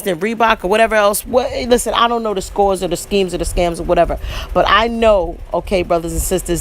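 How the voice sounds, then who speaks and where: A woman vlogger in her forties delivers preachy, emphatic and repetitive commentary, often cutting in with "listen" and "you know what I mean." Her voice is mid-range, with slight background noise.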